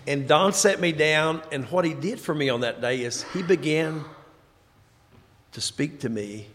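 A man's voice: measured pace, slight background noise. Man telling his story in a hall. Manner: storytelling, drops to quiet low tones for emphasis. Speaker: recovery speaker. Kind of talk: personal testimony talk. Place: large hall before an audience. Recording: reverberant hall, faint ambience.

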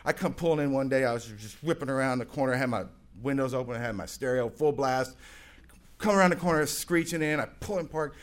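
A man in his forties telling his recovery story to a meeting with self-mocking humor, rambling along and bursting into loud, excited quotes. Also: medium pitch, quick pace. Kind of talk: personal testimony with humor.

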